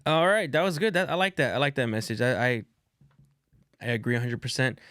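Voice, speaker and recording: A man hosting a casual podcast, an animated storyteller who swears often and keeps saying "dude.". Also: medium pitch, fairly quick, clean tone, no room sound, clean studio sound. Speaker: podcast host.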